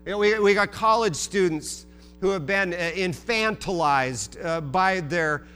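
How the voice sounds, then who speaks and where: A man's voice: high voice, a little slow, sharp tone, smooth, soft background music. A man preaching a sermon as pastor, emphatic and repetitive, asking the congregation rhetorical questions.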